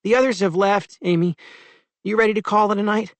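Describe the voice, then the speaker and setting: A man narrating plays a brisk young woman in a storybook, protective and quick to brush things off. The voice sits well above his own, recorded close and dry. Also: sits high, fairly even intonation, no echo, pitched above the performer's own voice.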